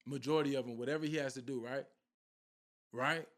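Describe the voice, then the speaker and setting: A male spiritual content creator talks briskly in a mid-range, slightly bright voice with fairly even intonation. His casual address to viewers is preachy and repetitive, pressing his point by saying it again and again.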